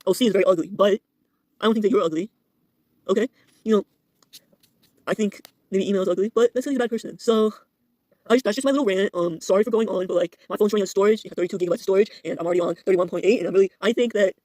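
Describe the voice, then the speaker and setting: Speaking into a podcast mic at a dinner table at home, a young man plays the host of a mock internet drama commentary show, gossiping with fake outrage, filler words and viewer asides. He talks at a racing clip in a high, somewhat dark voice. The audio is dry and rough.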